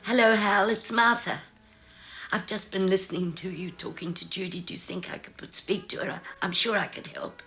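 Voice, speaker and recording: An actress playing a frail, elderly woman who speaks in a slow, measured, quietly insistent way in a film drama. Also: medium pitch, steady tone, faint music behind. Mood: gentle urging. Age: older. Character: frail old woman, gentle and determined. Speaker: caller to a radio show.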